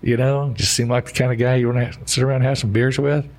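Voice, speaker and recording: A man's voice: mid-range voice, steady tone, fast. A jovial man who works as an insurance adjuster, rambling through stories in a casual podcast chat. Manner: jovial, rambling, full of fillers.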